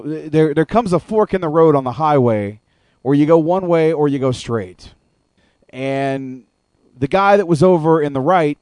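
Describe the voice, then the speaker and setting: A male radio host talks casually and rants with lots of profanity, stumbling over restarts. His voice sits a little high and is recorded very dry and close. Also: dry recording. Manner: profane, ranting, stammering restarts.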